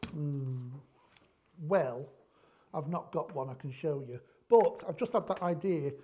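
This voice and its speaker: High-voiced, jokey craft host. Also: male voice, unhurried, mellow, a little hiss or hum. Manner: jokey, rambling, thinks aloud. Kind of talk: chatty craft tutorial.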